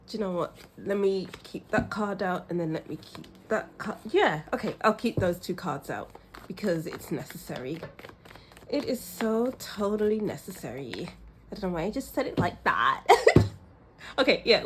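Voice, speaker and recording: A woman's voice: medium pitch, background noise. A woman giving a pick-a-card tarot reading, speaking emotionally and effusively straight to her viewers. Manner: effusive and emotional, often laughing and sighing; talks straight to the viewer, warm and reassuring. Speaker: tarot reader.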